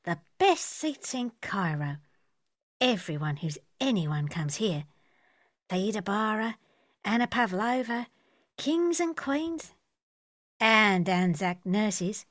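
A woman voicing a lively young Anzac nurse who talks in bubbly exclamations. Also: mid-range voice, takes it slowly, long pauses, no echo. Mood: excited.

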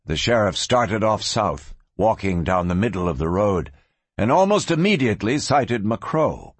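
A man narrating a western audiobook in an expressive, varied storytelling voice. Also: mid-range voice, breathy edge, no room sound.

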